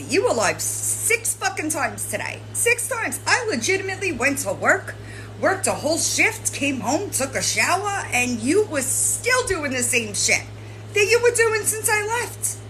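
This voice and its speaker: Brief: woman commentary host, confrontational and lecturing, bright, animated delivery. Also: high-pitched, a little slow, a little hiss or hum, poor audio. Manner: lecturing, scolding, keeps adding "right?", swears. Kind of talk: confrontational commentary addressing a streamer.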